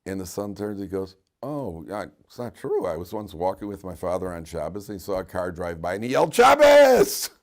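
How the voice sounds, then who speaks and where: A man rabbi giving a storytelling Torah lecture to students, animated, dropping to quiet asides and then bursting out loud, teasing his listeners. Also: deep voice, fast talker, hardly any pauses. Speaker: rabbi teaching a class.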